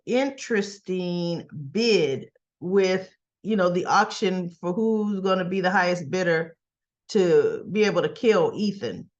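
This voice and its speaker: A woman's voice: medium pitch, dull audio. A woman reviewing a soap opera episode in a casual, chatty recap, often checking in with "right?" and acting out characters' lines.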